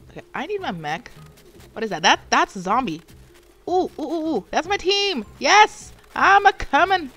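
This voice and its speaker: A woman's voice: high-pitched, sing-song, moderate pace, fairly bright tone, faint music behind. A woman livestreaming a game, chatting casually and exclaiming when startled. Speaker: streamer. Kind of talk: casual gameplay livestream chat.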